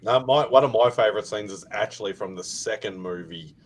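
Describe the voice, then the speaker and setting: A man's voice: lowish voice, brisk, a little hiss or hum, low-quality recording. A man with an Australian accent, chatting laid-back and self-deprecating as a guest on an online panel. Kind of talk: casual online panel chat.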